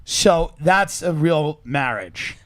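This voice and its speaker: A man's voice: a little high, expressive, takes it slowly, no echo. A man hosting a podcast, chatting casually outdoors by a lake with sardonic, ranting humor. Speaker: podcast host. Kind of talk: casual comedic chat.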